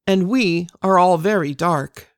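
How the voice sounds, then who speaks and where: An awkward young man stumbles through his words in a thick Indian accent, as a woman puts him on. He halts and restarts shyly, fairly low and clear in tone. The sound is dry and close. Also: dry recording, natural voice. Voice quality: halting, awkward.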